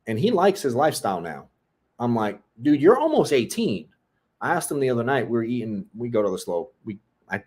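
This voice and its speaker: A middle-aged man co-hosting a podcast, telling a parenting story in a blunt, profane, animated way. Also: medium pitch, breathy edge. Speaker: podcast co-host. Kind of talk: casual podcast monologue.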